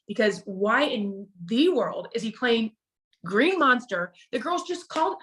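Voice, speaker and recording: A middle-aged woman, a podcast guest, telling a personal story in an emotional, halting way, with many restarts and repeated words. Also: a little high, expressive, a bit bright.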